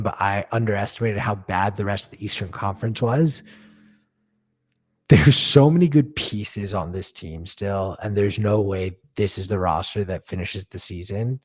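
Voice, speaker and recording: A man with a low voice hosts a casual sports chat. He talks bluntly and swears, ranting and laughing at his own jokes. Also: a little slow. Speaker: podcast co-host.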